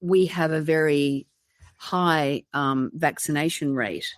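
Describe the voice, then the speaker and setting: An Australian woman hosts a podcast, speaking slowly in a deep voice. The talk is a casual chat full of dry, joking humor, and she acts out voices when telling anecdotes.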